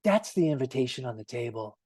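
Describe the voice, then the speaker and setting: A man giving a gentle, earnest sermon as a minister, telling stories at an easy pace with emphatic swells. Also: mid-range voice, expressive, brisk, breathy edge, dry recording, clean studio sound. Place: church sanctuary.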